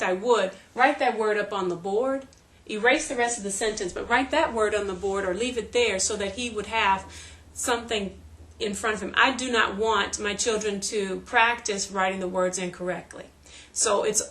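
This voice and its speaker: A woman's voice: mid-range voice, a bit bright. A middle-aged woman, a homeschool teacher, giving a patient step-by-step classroom demonstration and checking in with "okay?".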